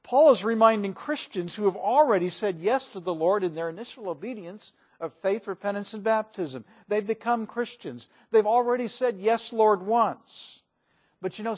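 A man preaching a sermon in a church, folksy and emphatic, rising and falling in loudness for emphasis. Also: sits high.

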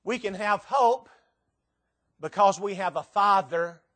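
An older man preaching a sermon to a church audience, swinging between soft and loud with strong emphasis. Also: takes it slowly. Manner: emphatic, dramatic swings in pitch and volume. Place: church meeting before a live audience.

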